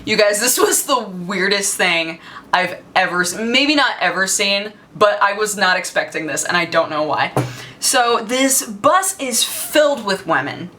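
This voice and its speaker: A woman vlogger recounts a story in a loose, chatty way, full of fillers and quick laughs. Her voice has a bright, sharp edge. She keeps the telling casual and lively. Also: mid-range voice, slight background noise.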